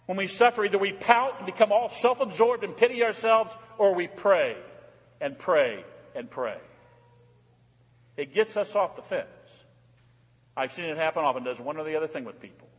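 A middle-aged male pastor with a notably high voice preaches a fervent sermon, swinging from raised cries to quiet, low asides. His voice rings with a long reverb through the church hall. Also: lively intonation, moderate pace. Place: church sanctuary.

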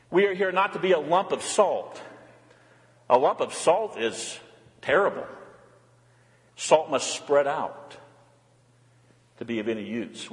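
A man preaching a sermon as pastor, emphatic, rising high and then dropping to a low murmur. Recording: long reverb of a church hall.

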